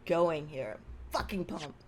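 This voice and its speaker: A woman streaming a game to her live chat, gushing and excitable, rambling with many fillers and swearing when she gets hyped. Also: sits low, takes it slowly, slight background noise. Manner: rambling, with many likes and ums. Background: jazzy game music.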